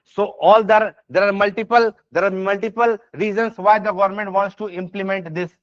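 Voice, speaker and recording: A man's voice: sits high, steady tone, moderate pace, no room sound. A man with an Indian English accent teaching an exam essay lecture, checking often whether students follow. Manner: repeats "yes or no?" and "is this part clear?" checks; many fillers and restarts, emphatic. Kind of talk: classroom lecture. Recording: dry, slightly dull lo-fi sound.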